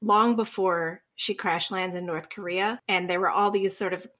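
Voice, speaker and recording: A woman's voice: fairly low pitch, steady tone, moderate pace, fairly bright tone. Thoughtful woman podcast co-host. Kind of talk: casual podcast chat.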